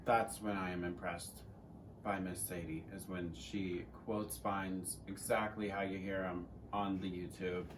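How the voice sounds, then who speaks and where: A man's voice: deep voice, little pitch movement, measured pace, recorded from a distance, background noise. A teenage man co-hosting a casual Q&A chat, rambling and joking with some swearing. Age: teens. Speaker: co-host.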